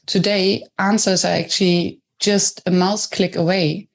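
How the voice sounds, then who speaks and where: A woman's voice: fairly low pitch, little pitch movement, unhurried, vocal fry. A woman hosting a podcast, laying out her thoughts step by step in a conversational way. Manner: thoughtful, builds ideas step by step. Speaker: podcast host. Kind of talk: conversational interview.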